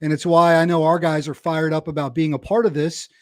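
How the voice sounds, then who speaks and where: High-voiced energetic male podcast host. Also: a little fast, no room sound, clean studio sound. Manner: energetic, rallying, promotional. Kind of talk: podcast conversation.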